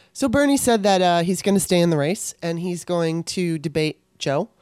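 Her voice is on the low side, a little mellow, clear, and resonant as she hosts a podcast alone in a casual way. She's impassioned and worked up, swearing freely. The clean studio recording has no room sound.

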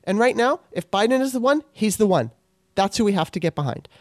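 A woman runs her podcast solo in a casual style, fired up, passionate, and freely profane. Her medium-pitched voice is a little mellow, with lively intonation and a slightly fast pace. There's no room sound, just clean studio audio.

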